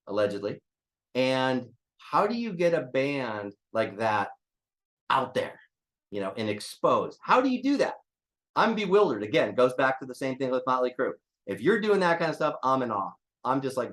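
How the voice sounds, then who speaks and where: A man's voice: mid-range voice, very animated, brisk, a bit bright. An older man, a drummer being interviewed, talking bluntly and casually with jokes and swearing. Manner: blunt, joking, swears freely. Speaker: drummer guest.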